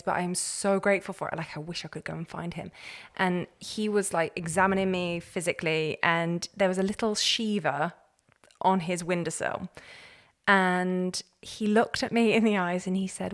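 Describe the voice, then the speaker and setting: A woman, a podcast guest telling her own story in an earnest, animated way. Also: on the low side, normal speed. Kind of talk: candid personal story.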